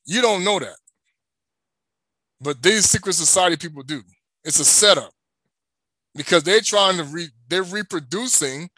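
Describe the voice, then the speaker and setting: A man's voice: sits high, pushed and bright, no room sound. A man preaching, emphatic, asking rhetorical questions and answering them himself. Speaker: religious teacher. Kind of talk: preaching to an online audience.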